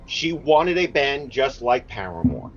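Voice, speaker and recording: A man's voice: mid-range voice, very animated, measured pace. A man chatting casually on a podcast, opinionated and emphatic, swearing freely. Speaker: podcast co-host. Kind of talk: casual chat. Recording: dull lo-fi sound.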